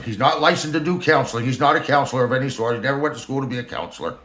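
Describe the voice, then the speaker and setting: A man's voice: mid-range voice, rapid-fire, a bit bright. A man telling a story to camera in a rambling, crude, joking way, filming himself. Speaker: vlogger. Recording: echoey room.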